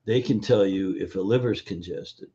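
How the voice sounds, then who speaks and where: This is a casual video interview with a guest, a male functional nutrition educator whose voice is lowish, warm and husky. He tells stories haltingly, with plenty of fillers, and acts out the quoted voices. The sound is dull and lo-fi.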